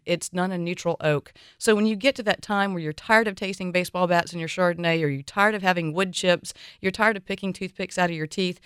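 A woman's voice: lowish voice, clear, resonant tone, dry recording, clean studio sound. A woman hosting a radio wine show, chatty and opinionated, giving enthusiastic recommendations.

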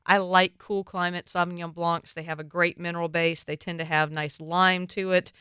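A woman's voice: fairly low pitch, little pitch movement, moderate pace, a bit bright, smooth, no room sound. Woman from the US, wine commentator, opinionated, punchy asides, dry close-miked sound. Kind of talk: casual wine commentary segment.

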